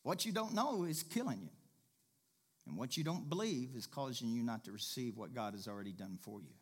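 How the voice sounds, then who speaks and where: A male preacher delivering a sermon in a folksy, conversational way, building to loud, emphatic exhortation. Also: mid-range voice, expressive, fairly quick. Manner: emphatic, rising to shouted exhortation.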